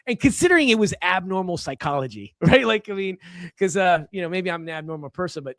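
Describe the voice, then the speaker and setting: A man's voice: high voice, expressive, quick pace, fairly bright tone, dry recording, clean studio sound. A middle-aged man from Los Angeles, a podcast guest, telling a personal story with emphatic energy and frequent restarts. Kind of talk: casual storytelling.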